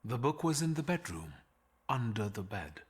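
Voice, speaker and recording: An actor playing a calm, shrewd investigator hero in a story game, speaking in a measured, deliberate way. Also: male voice, medium pitch, breathy edge. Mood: composed.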